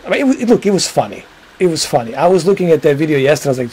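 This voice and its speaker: A man's voice: on the high side, a little fast, a little mellow, a little hiss or hum, low-quality recording. A man hosting a livestream, chatting casually and rambling to his viewers, swearing now and then. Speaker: livestream host.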